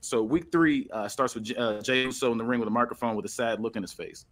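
A man hosting a casual podcast, loosely reading out a storyline with pauses and restarts. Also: mid-range voice, a bit bright. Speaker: podcast host.

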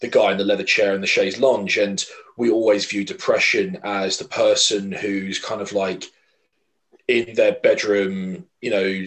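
Male co-host, lowish voice, earnest, rambling delivery. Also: a bit bright, rough recording. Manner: earnest, rambling, frequent fillers and restarts. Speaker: podcast co-host. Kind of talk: casual podcast chat.

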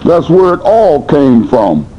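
A man preaching a sermon in a blunt, colloquial manner, swinging between high and low in animated bursts. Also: slow, muffled recording, slight background noise. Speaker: pastor.

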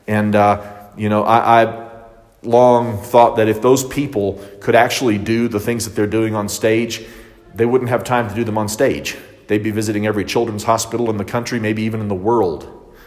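A man teaching a Bible study in a loose, conversational way, with many fillers and restarts, recorded in a church hall. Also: mid-range voice. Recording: long reverb of a hall.

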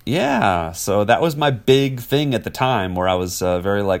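Forties male actor from Wisconsin, low voice, loose storyteller, lots of ums. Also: sing-song, moderate pace, creaky, background noise. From Wisconsin, USA. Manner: rambling, many fillers, laughs often. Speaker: actor guest. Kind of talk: casual interview storytelling.

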